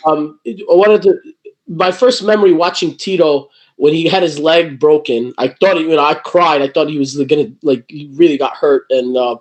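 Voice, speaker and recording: A man with a somewhat high voice tells stories in a casual interview. He rambles, restarting sentences and leaning on fillers as he goes. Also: fairly even intonation, moderate pace, low-quality recording. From New Jersey. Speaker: guest, wrestling promotion owner.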